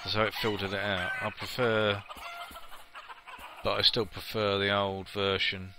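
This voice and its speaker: A man giving casual, chatty commentary as he plays a game, opinionated and quick to laugh at himself. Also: fairly low pitch, little pitch movement, rough recording. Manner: chatty and opinionated, with frequent laughs and playful asides. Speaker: let's play gamer.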